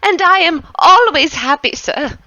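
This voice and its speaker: A woman's voice: very high-pitched, expressive, unhurried, pushed and bright, no room sound, lo-fi sound, pitched above the performer's own voice, heavily acted. A woman voicing a cheerful, overly polite male servant who keeps calling his master sir. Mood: chirpy.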